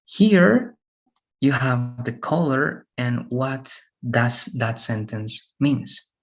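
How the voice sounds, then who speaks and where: A man's voice: mid-range voice, vocal fry. A man teaching an English grammar lesson to students, explaining step by step and checking in with "right?" and "all right". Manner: repeats and restates points slowly.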